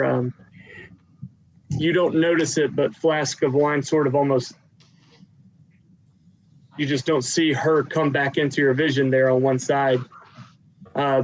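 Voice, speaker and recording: Brief: male game master, slightly high voice, loose and rambling narration. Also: rough recording. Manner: rambling, with many fillers and restarts.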